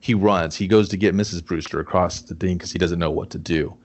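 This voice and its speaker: A man's voice: low-pitched, steady tone, a little fast. A young man co-hosting a podcast, recapping a movie in casual, profane chat and acting out lines. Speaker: podcast co-host.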